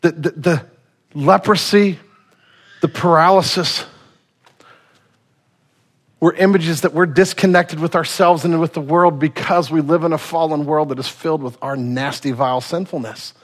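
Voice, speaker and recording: A male pastor preaching a sermon in a casual, animated storytelling manner. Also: fairly high pitch, moderate pace, pauses often.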